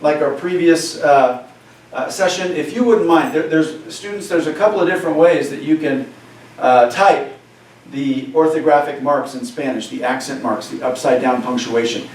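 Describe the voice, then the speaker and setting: A man's voice: fairly high pitch, moderate pace, a little mellow. A man teaching a Spanish class in a conversational way, checking in with his students by often asking "right?". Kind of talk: classroom lecture. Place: classroom, recorded for cameras. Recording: echoey classroom from far off.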